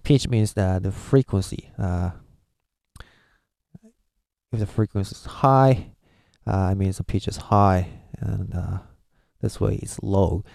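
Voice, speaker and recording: A Japanese-accented man teaches in an unhurried, halting way, filling pauses with uhs and sounding out syllables to demonstrate. His voice sits fairly low with a gravelly, mellow edge. The sound is dry with no room around it. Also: fairly even intonation, no room sound. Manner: hesitant, many filler uhs, demonstrates syllables aloud. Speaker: language teacher. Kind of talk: casual spoken lesson.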